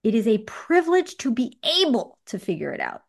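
A woman hosting a conversational coaching chat about money. She talks in an animated, emphatic way and laughs often. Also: on the high side, a little fast, gravelly.

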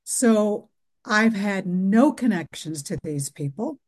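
A woman's voice: mid-range voice, animated, takes it slowly. A woman client explaining her business situation on a coaching call, hesitant, with many fillers.

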